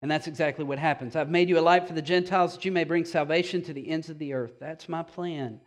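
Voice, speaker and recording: A man preaching a sermon as pastor, with casual asides and rhetorical questions, swinging from loud emphasis to slow, quiet passages. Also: a little high.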